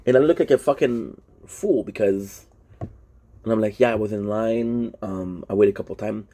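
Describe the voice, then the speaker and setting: A man's voice: lowish voice, normal speed, mellow. A young man whose first language is French, venting casually and frankly to his vlog audience, swearing often and restarting his sentences. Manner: frank, profane, rambling with frequent restarts. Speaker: vlogger. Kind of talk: casual personal venting monologue.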